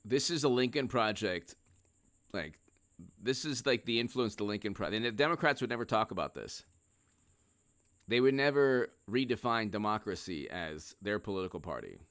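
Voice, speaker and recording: A man's voice: on the low side, animated, moderate pace, fairly bright tone, dry recording. A man commentating on politics in a casual, sarcastic, rambling live-stream chat.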